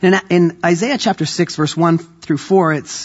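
Male preacher, husky and a touch high, sermon storyteller, muffled recording. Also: unhurried, few pauses. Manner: storytelling, acts out quoted voices, builds to emphatic peaks.

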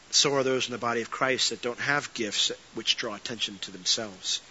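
A man pastor delivering a sermon, telling stories with lively energy and dropping to soft earnest tones. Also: mid-range voice, highs cut off, a little hiss or hum. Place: church sanctuary.

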